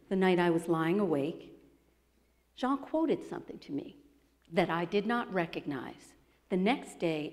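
Brief: woman speaker, warm mellow tone, lively storyteller, long hall reverb. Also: lowish voice. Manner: animated, acts out quoted voices. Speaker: speaker presenting her book. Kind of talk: storytelling talk to an audience. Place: expo presentation hall.

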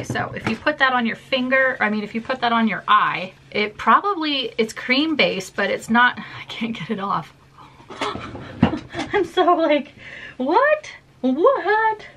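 A woman's voice: medium pitch, pushed and bright. A young woman vlogger chatting casually and gushing over beauty products, laughing often. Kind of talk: casual chat.

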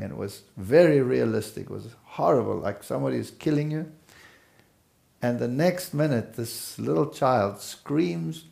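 Slow gravelly guy from south africa telling his family story, unhurried and earnest. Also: mid-range voice, darkish tone. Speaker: speaker telling life story. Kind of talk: personal testimony in conversation.

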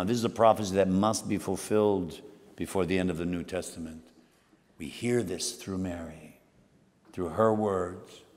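Priest guy giving a sermon, lowish voice, goes quiet then punches words hard, big church echo. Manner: dramatic storytelling, swings from hushed to emphatic. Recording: long church reverb.

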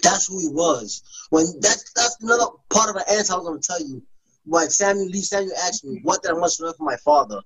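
A man's voice: sits high, expressive, fast, fairly bright tone, low-quality recording. A man being interviewed, sharing stories about his father with emotion and loose street speech. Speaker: interview guest. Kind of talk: casual interview storytelling.

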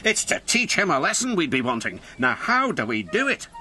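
A storyteller voicing indignant twin engines in a children's story. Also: male voice, on the high side, very animated, moderate pace, bright, forceful tone, a little hiss or hum, pitched above the performer's own voice, full character voice.

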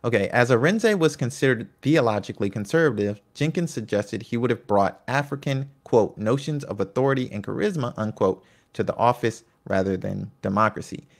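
Gravelly man reading history with asides. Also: medium pitch, lively intonation, brisk. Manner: chatty and enthusiastic, trips over names. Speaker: history video host. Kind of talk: reading notes with off-the-cuff asides.

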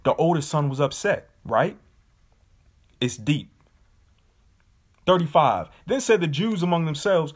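Leading a Bible study, a man with a husky voice on the high side talks at a measured pace with big pitch swings. His manner is emphatic yet casual, and he keeps asking his listeners rhetorically if they understand.

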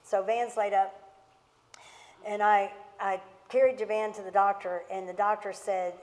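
A woman's voice: medium pitch, level tone, unhurried, darkish tone. A middle-aged woman pastor preaching a sermon through personal storytelling, impassioned and emphatic, repeating words for stress. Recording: long reverb of a large hall.

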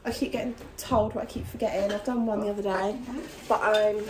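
A woman's voice: mid-range voice, fairly even intonation, fairly quick, crowd noise. A young woman casually vlogging her home renovation, chatty and full of "um" and "like". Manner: chatty, lots of "um" and "like". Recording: noisy home video.

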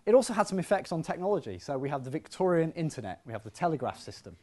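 Speaking very fast in a voice on the high side, this male physics professor delivers a lively public science talk in a hall. He keeps things conversational and pokes fun at himself along the way.

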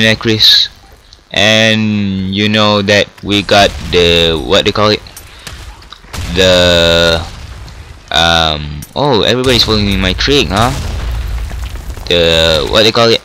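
A young man with a Singaporean accent giving live commentary over his own gameplay, breaking into excited yelps at kills. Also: low-pitched, slow, slight background noise, low-quality recording. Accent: Singaporean English.

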